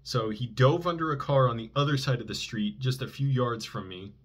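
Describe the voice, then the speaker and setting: A man tells a personal story to his viewers in a casual, rambling way. His voice sits at an ordinary middle pitch. He often stops to correct himself and fills pauses with "um" and "like". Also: fairly bright tone, breathy edge. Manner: rambling, self-correcting, many fillers. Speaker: vlogger.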